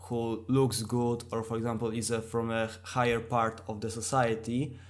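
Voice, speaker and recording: Male podcast co-host, non-native English speaker, monotone delivery, halting and inquisitive. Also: mid-range voice. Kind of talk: casual chat.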